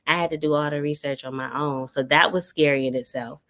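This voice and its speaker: A woman from Maryland with a raspy voice, chatting as a podcast guest and reflecting on her story with plenty of fillers. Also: sits low, fairly even intonation, brisk, fairly bright tone. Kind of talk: casual podcast chat.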